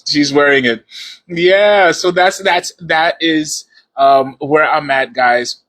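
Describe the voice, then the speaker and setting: A man with a slightly high, bright and forceful voice talks to viewers in a casual live stream. He is encouraging and repeats his points for emphasis. He is speaking into a phone. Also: slow, rough recording.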